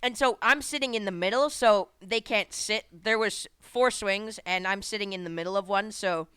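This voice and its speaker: A woman's voice: medium pitch, moderate pace, fairly bright tone, smooth, no echo. A woman co-hosting a casual podcast, telling stories in a rambling way, swearing often and breaking into laughter. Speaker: podcast co-host. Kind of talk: casual storytelling chat.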